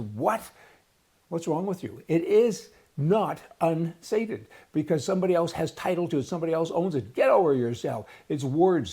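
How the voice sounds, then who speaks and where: A man's voice: on the high side, dark tone, breathy edge. A man ranting in an opinion monologue, indignant and emphatic, hammering words by repeating them. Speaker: host of advocacy newsletter show.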